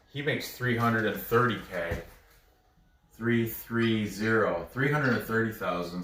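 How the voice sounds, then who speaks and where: Slow, rambling man in an echoey room. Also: lowish voice, a bit bright, slight background noise. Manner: thinking aloud, stumbling over names. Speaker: sports betting analyst. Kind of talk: casual unscripted breakdown. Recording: roomy, mic at a distance.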